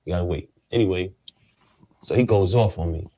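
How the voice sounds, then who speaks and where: Here an interview guest recounts his life in a dark-toned voice at a slightly fast clip, and there's no echo. The storytelling is lively, full of street talk, and he performs other people's lines with sudden pitch shifts.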